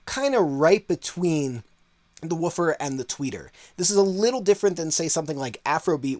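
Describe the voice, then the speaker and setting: Casual man explaining mixing moves. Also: medium pitch. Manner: relaxed, conversational, lots of fillers like "kinda" and "like". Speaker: audio engineer teaching mixing. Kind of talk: casual tutorial walkthrough.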